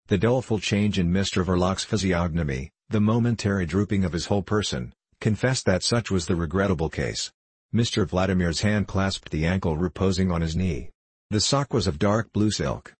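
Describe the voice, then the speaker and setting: A man reading a classic novel aloud as a narrator, steady and measured. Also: sits low, slightly rough, dry recording. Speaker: audiobook narrator.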